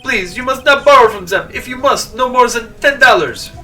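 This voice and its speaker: A man's voice: very high-pitched, moderate pace, pushed and bright, voice pushed up. A man voicing a dramatic, fretful French restaurant man with a put-on French accent, reading game dialogue aloud. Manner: theatrical, whiny. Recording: distant mic with game music.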